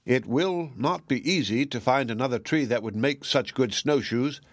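A man voicing a sly, scheming male fox, smooth and falsely regretful. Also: medium pitch, moderate pace, no room sound, natural voice.

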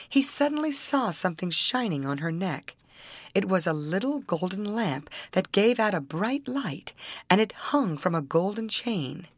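A woman reads a fairy tale aloud in a lower register, her voice moving a lot in pitch as she tells the story. The sound is dry and close, with no room around it. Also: dry recording. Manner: expressive, acting out the characters in raised voices.

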